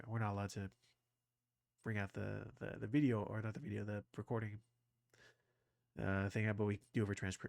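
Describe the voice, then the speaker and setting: A man with a lowish voice rambles casually to his viewers, restarting sentences and getting visibly excited like a fan. His voice sits dry and close, with no room sound around it. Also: no echo. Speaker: anime reaction channel host.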